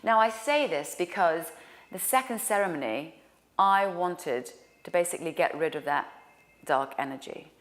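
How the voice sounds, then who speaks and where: A woman telling a personal story in an animated way, dropping to a hushed whisper for quoted lines. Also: lowish voice, normal speed. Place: lives in New York.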